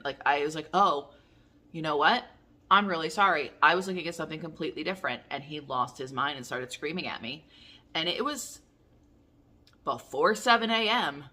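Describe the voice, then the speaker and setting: Chatty low-voiced woman vlogger, bright tone. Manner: chatty, rambling, candid with swearing. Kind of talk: casual chat to camera.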